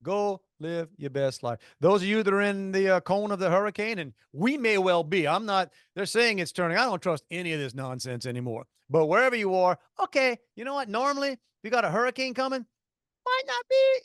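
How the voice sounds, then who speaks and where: A man's voice: high-pitched, lively intonation, fast talker, few pauses, a bit bright, clear, resonant tone, dry recording, studio quality. A man co-hosting a podcast in casual chat, rambling and jokey, often restarting his sentences. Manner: rambling, self-interrupting, jokey. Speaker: podcast co-host.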